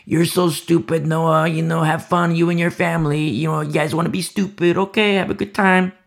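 A man's voice: fairly high pitch, level tone, a little fast, vocal fry, pitched above the performer's own voice. A man putting on a sneering, scoffing townsman. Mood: mocking. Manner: sneering, dismissive, flippant. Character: scoffing carefree townsman mocking a builder.

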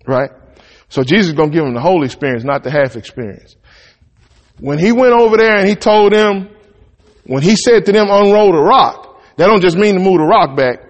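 A man's voice: high-pitched, a little fast, long reverb tail, highs cut off. A man preaching a sermon, reading scripture aloud and breaking off into casual, folksy asides to the congregation. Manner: conversational, reads verses then riffs in folksy Southern-style talk.

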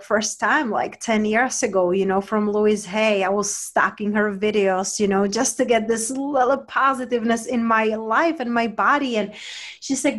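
A woman hosting a wellness conversation at home, effusive and gushing, with a phrasing. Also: on the high side. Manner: warm enthusiastic, slows to soothing guided relaxation. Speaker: podcast host. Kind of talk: casual interview with guided meditation.

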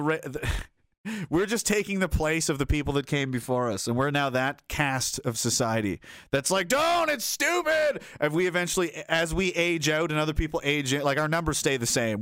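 A man's voice: medium pitch, clean tone, no echo, studio quality. A man hosting a livestream, reading chat comments and ranting casually in a profane, sarcastic way. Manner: profane, sarcastic, animated, slips into mocking voices.

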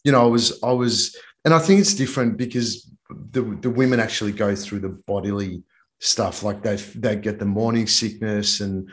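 Frank, animated male guest. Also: fairly low pitch, moderate pace. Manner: frank, animated retelling, casual swearing. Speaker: men's coach and podcast guest. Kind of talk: candid conversational storytelling.

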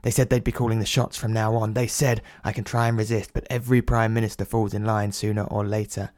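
A man's voice: lowish voice, level tone, quick pace, darkish tone, no echo, studio quality, close to an everyday voice. A man playing an agitated, defiant prime minister in an audio drama, indignant and insistent. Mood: recounting.

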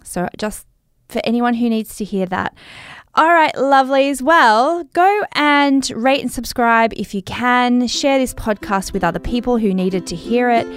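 A woman's voice: on the high side, measured pace, clear, resonant tone, no room sound. A woman with an Australian accent hosting a podcast, giving encouraging coaching tips and affirmations in a casual chatty way. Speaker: podcast host.

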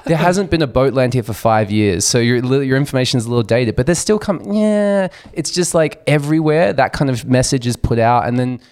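A man's voice: mid-range voice, animated, a little fast, few pauses, darkish tone, smooth. Rambling, joking Australian man. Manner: joking, rambling, swears freely. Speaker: guest comedian. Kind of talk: casual podcast chat.

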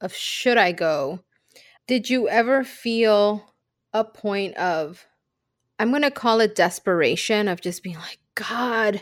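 A woman's voice: mid-range voice, animated, slow, dry recording, studio quality. A woman co-hosting a podcast in casual chat, reflective and candid, telling personal stories. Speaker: podcast co-host.

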